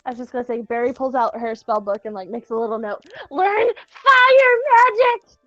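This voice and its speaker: A woman playing a tabletop game, hesitant and giggly with many pauses. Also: fairly high pitch, fairly even intonation, no echo, highs cut off, soft background music. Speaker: player. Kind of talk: casual tabletop game chat.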